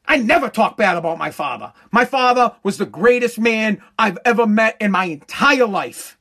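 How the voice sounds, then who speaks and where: Man, comedic rant, profane, stammering, very high pitch, bright. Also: lively intonation, normal speed, few pauses. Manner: profane, loud, stammering repetitions.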